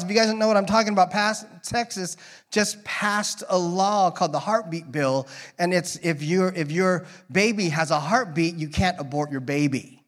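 Male preacher, a touch higher-pitched, loose and conversational, prone to jokes and rambling tangents in a church setting. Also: moderate pace, a bit bright. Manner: rambling, joking, drifting into tangents. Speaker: guest preacher. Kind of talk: casual conversational sermon. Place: church, in front of a congregation.

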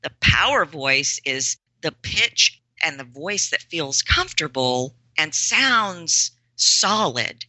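A woman's voice: sits low, very animated, slow, few pauses, sharp tone, no room sound, rough recording. A woman voice coach answering podcast interview questions, emphatic and repeating words for stress. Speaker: voice and presentation coach.

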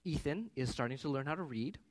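Pastor, 30s, man; lively, swooping delivery, chatty sermon full of family anecdotes. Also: fairly high pitch, fairly quick. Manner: animated, conversational with personal anecdotes.

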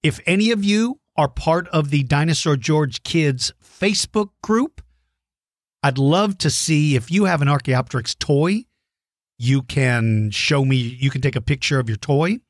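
A man's voice: a little high, measured pace, no room sound, studio quality. A man hosting a children's dinosaur show, talking playfully to young viewers and reading out their messages. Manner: playful, self-correcting, reads out viewer messages. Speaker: kids' dinosaur show host. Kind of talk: friendly educational talk to children.

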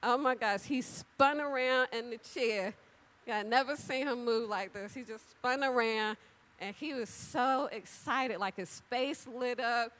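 A woman preaching an animated, chatty sermon, talking straight to the congregation and acting out little conversations. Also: a little high, unhurried. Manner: animated, chatty, addresses crowd directly; acts out dialogue with big voice swings. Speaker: church speaker. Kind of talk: lively sermon with storytelling.

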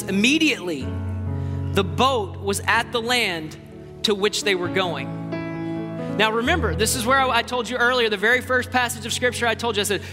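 A man preaching a sermon with passion, moving between loud exclamations and quiet asides. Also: sits high. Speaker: pastor. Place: large church hall. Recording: long hall reverb with faint music.

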